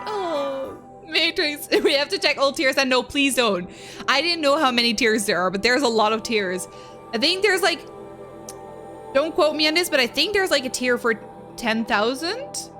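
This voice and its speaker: High-pitched woman streamer, giggles a lot, thanks chat nonstop, music going behind her. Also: sharp tone. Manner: giggly, laughs often between lines; gushing thanks to viewers. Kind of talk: casual live-stream chat. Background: music playing.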